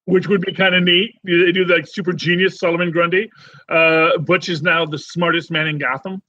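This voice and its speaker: A man co-hosting a podcast in casual chat, rambling and animated with many restarts. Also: high voice, moderate pace, dull audio. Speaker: podcast co-host.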